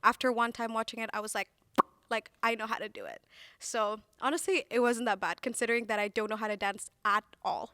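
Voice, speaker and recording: A woman's voice: on the high side, fairly even intonation, fairly quick, bright, forceful tone, no echo. A young woman hosting a casual vlog, chatty with many filler words, still out of breath. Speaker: vlog host and reporter.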